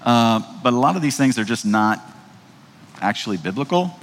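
A man's voice: mid-range voice, animated, normal speed. A man giving a sermon as pastor, talking casually with many fillers and "right?" checks, and reading scripture aloud. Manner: conversational, frequent fillers and tag questions; reads scripture aloud in old-fashioned wording. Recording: long hall reverb.

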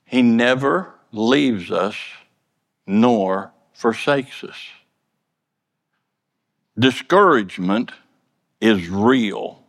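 Slow, earnest preacher in a reverberant hall. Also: male voice, mid-range voice, fairly bright tone. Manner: earnest, repeats words and stammers; folksy, plainspoken. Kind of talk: sermon.

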